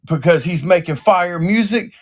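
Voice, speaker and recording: Blunt cussing guy on a podcast, kinda high voice, riffs and does little voices for people. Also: normal speed. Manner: blunt, profane, acts out quoted voices. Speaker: podcast co-host. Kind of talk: casual chat.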